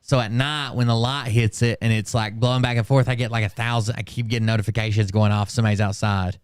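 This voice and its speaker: A man's voice: lowish voice, fairly even intonation, fast, smooth, no echo. A man hosting casual commentary, sardonic and swearing freely. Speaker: commentary streamer.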